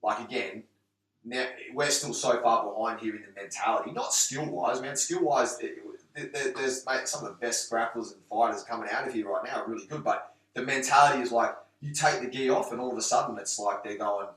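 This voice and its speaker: An English-accented man talks fast and forcefully in a casual podcast chat, tripping over his restarts as he makes his point. His voice has a bright, hard edge. He sounds set back from the mic in an echoey room. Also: mid-range voice, distant mic. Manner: rapid, emphatic, many restarts and swearing. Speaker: guest, MMA gym owner and coach.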